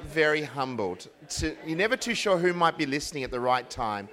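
A man's voice: a little high, sing-song, normal speed, hardly any pauses, sharp tone. A man with an Australian accent, a ministry head giving a live talk full of funny anecdotes. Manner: jokey, self-deprecating storyteller. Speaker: ministry CEO and speaker.

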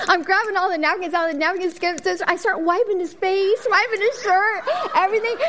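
A middle-aged woman speaking to a church congregation, telling a lively personal story and acting out the voices in it before leading a prayer. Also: very high voice. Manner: animated storytelling, acting out her own and her kids' voices. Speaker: women's ministry speaker. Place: church service.

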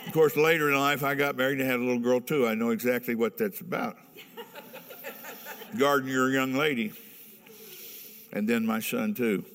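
A man's voice: medium pitch, fairly even intonation, normal speed, pauses often, fairly bright tone. An older man from Ohio telling his personal testimony in a candid, earnest way, chuckling now and then. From Ohio, USA. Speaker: speaker giving a personal testimony. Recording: long hall reverb.

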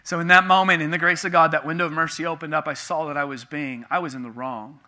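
A man in his thirties preaching to his congregation, with a very bright, forceful tone. He speaks a little higher than most men and tells his story casually and candidly, swinging from hushed asides to loud, punchy emphasis. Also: steady tone, fast talker. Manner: conversational, confessional storytelling with sudden bursts of emphasis. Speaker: pastor. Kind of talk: sermon.

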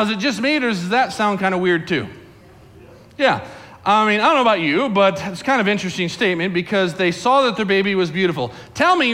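A middle-aged male pastor delivers a lively sermon, swinging between chatty storytelling and playful acted-out voices. His voice sits a touch higher than most men's. He keeps things humorous and conversational while preaching.

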